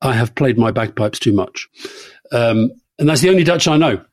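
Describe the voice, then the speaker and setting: A man's voice: medium pitch, expressive, normal speed, no echo. A middle-aged man co-hosting a podcast, teasing, dry and blunt as he reads questions. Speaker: podcast co-host. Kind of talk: casual podcast chat.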